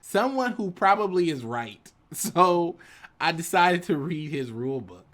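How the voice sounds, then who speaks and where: A man telling a personal story in an animated, casual way, sometimes jumping into dramatic voices. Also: a little high, a little slow. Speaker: YouTube storyteller.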